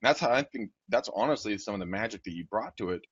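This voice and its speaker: A man's voice: fairly low pitch, lively intonation, fast talker, slightly rough, dry recording. A man hosting a podcast, blunt and joking, casually swearing as he tells stories. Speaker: podcast host. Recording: dry, muffled lo-fi audio.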